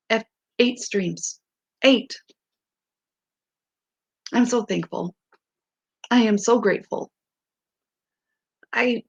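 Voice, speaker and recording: Hoarse middle-aged lady streaming, chatty and rambly, slow easy talk, laughs a lot. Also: medium pitch. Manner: chatty, rambling, laughs often, talks to her chat. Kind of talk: casual live-stream chat.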